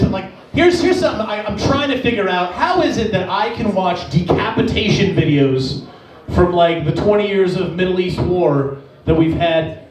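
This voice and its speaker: A man performing a stand-up comedy set in a club, rambling and profane, acting out the people in his stories. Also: high voice. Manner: profane, rambling, acts out quoted voices. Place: comedy club stage in a sports lounge. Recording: echoey club audio from far off.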